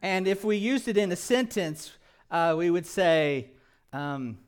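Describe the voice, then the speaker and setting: A man's voice: high voice, measured pace, smooth. A man preaching a sermon as pastor, prompting the congregation to repeat after him and slipping in light jokes. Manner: animated preaching with call-and-response prompts; light humor, laughs at his own jokes.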